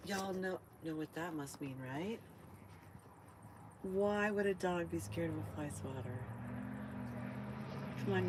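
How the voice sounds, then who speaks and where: Chatty woman, live-stream vlogger in a van, slightly low voice, steady vehicle hum behind. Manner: chatty, talks to viewers and her dog. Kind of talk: casual live-stream chat. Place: inside her van.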